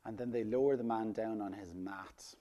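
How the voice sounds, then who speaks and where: A man preaching a sermon, lively and rhetorical, often putting questions to his listeners. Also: fairly low pitch, moderate pace. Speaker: pastor.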